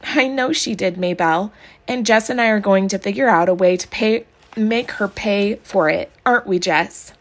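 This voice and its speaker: A woman voicing a clever ten-year-old girl who talks calmly, reasons things out and persuades gently in a storybook reading. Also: medium pitch, moderate pace, close to an everyday voice. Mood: soothing.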